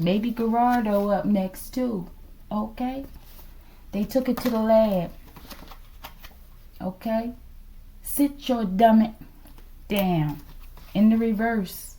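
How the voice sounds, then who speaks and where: Animated woman reading tarot cards. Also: on the high side, a little hiss or hum. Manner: animated, calls out "collective" and "okay?" often. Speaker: tarot reader. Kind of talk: casual tarot reading to viewers.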